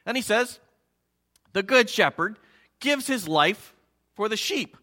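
A man preaching a sermon with a lively, swooping voice that sits a little high for a man. His tone is bright and ringing, and he acts out his listeners' reactions in playful asides. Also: takes it slowly, pauses often. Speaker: pastor.

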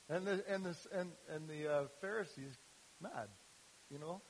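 Guy preaching casual-style, lots of "you know" and restarts, slightly high voice, bit of hiss. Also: expressive, moderate pace, low-quality recording. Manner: conversational, many fillers and restarts, laughs at own remarks. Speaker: youth ministry speaker. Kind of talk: informal sermon.

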